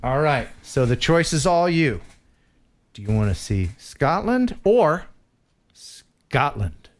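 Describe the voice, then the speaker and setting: A man hosting a casual livestream chat, animated and quick to chuckle while he tells stories. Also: on the high side. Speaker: livestream host. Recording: faint music behind.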